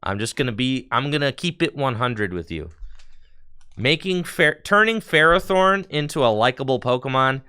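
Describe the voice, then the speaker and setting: A man's voice: mid-range voice, expressive, normal speed, sharp tone, smooth. A man chatting casually on a live stream while opening card packs, talking in a chatty, slangy way with bursts of enthusiasm.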